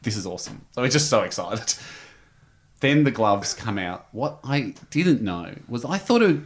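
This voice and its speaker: An Australian man telling a story as a podcast guest, lively, with big pitch jumps when he acts out quotes. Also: unhurried. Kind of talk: animated storytelling.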